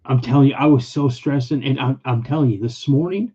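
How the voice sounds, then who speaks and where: A man's voice: medium pitch, fairly quick, mellow, husky, muffled recording. A man hosting a casual livestream podcast, rambling and emotional, often repeating himself as he tells personal stories. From California. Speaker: podcast host.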